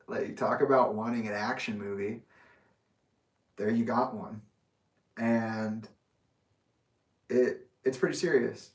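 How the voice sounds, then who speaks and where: A man's voice: on the low side, a little mellow. A man casually telling a personal story in a rambling, profane way, laughing often. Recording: echoey room, mic far off.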